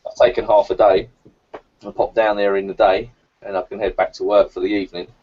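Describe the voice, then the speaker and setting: A young man co-hosting a casual stream, relaxed and rambling with fillers. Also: on the low side, fairly quick, breathy edge. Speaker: co-host. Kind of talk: casual live-stream chat. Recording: dull lo-fi stream audio.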